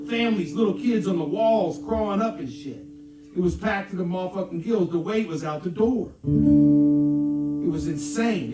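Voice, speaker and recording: A man telling a rambling, profane, exaggerated story live on stage between songs. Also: sits high. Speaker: comedic storyteller and musician. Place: live music venue. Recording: echoey live room from far off, guitar.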